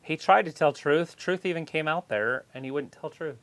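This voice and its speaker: A man's voice: on the high side, normal speed, fairly bright tone. A man co-hosting a live stream, chatting casually and cracking dry jokes. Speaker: stream co-host.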